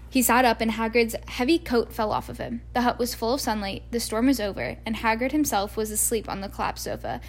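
Woman reader, higher voice, steady storybook narration. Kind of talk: amateur audiobook reading.

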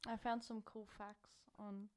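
A woman's voice: mid-range voice, flat delivery, unhurried, a little mellow. A woman co-hosting a casual chat, giggly, reading out facts from her notes. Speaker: podcast co-host.

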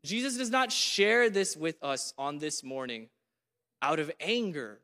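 A man preaching a sermon in a church, lively and dramatic, acting out what God says. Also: on the high side, a little slow, long reverb tail. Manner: animated, voices God in dramatic quotes.

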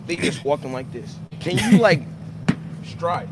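Laid-back slangy man, slightly high voice. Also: expressive, unhurried, a crowd in the background. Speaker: co-host. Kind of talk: casual podcast chat.

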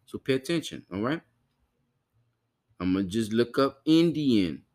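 A man's voice: mid-range voice, very animated, unhurried, darkish tone. A man hosting a podcast in loose, profane casual chat, often repeating himself to listeners. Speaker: podcast host.

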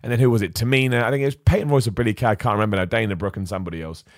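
This podcast host is a man with a fairly low voice who talks very fast, recorded at studio quality with no room sound. He chats casually and opinionatedly about wrestling, reading super chats from viewers and often stumbling over his words.

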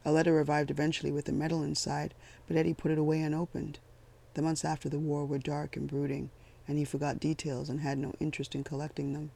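A man giving a measured, scripted narration of a story. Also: fairly high pitch, monotone, vocal fry, mellow. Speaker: audiobook narrator.

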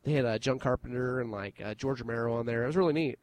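A man co-hosting a podcast, chatting in a relaxed, joking way and chuckling between lines. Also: mid-range voice, quick pace, no room sound. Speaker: podcast co-host. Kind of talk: casual chat.

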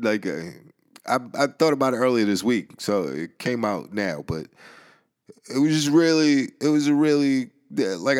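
A man hosting a solo podcast, rambling casually with a Georgia accent, swearing and laughing often as he talks. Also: low voice. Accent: Southern US, Georgia. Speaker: podcast host.

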